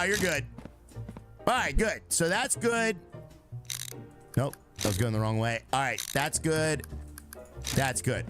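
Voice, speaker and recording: Young male streamer, joking and chatty with his viewers, lively up-and-down delivery. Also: a little high. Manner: chatty, talks to himself and chat; joking, breaks into sung lines. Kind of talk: live game stream chat.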